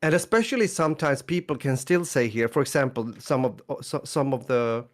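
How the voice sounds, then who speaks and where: A man's voice: mid-range voice, fairly quick. Hesitant Swedish-accented man. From northern Sweden. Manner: reflective, hesitant, short affirmations. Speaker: podcast co-host. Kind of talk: casual chat.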